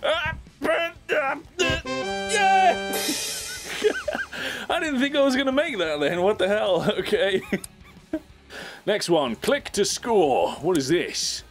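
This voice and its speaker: A man giving excitable let's-play commentary, squealing and laughing as he plays. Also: high voice, slow, music in the background. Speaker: gaming YouTuber.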